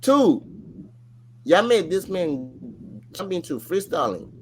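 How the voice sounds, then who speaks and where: A man co-hosting a podcast in casual chat, telling a story in an animated, rambling way full of fillers. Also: sits high, slow pace, slight background noise. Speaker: podcast co-host.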